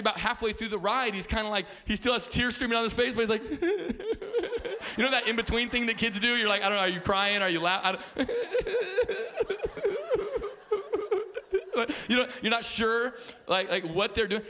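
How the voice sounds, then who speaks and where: A man in his thirties preaching as a pastor in a church, telling stories with playful asides and stammered repeats. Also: high-pitched. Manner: animated storytelling with playful asides. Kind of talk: sermon. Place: church auditorium.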